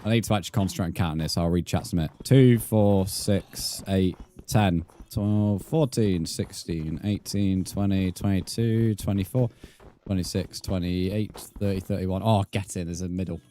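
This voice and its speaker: A man's voice: low-pitched, moderate pace, mellow, a little hiss or hum. A British man chatting casually while livestreaming a game, swearing freely and muttering counts under his breath. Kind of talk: casual gaming livestream chat.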